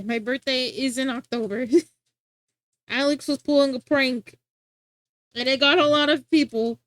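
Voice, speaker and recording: A young woman streams and chats casually in a slightly high voice. She rambles, restarts her sentences and reacts to her chat. The sound is dry and close to the mic. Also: fairly bright tone, no room sound.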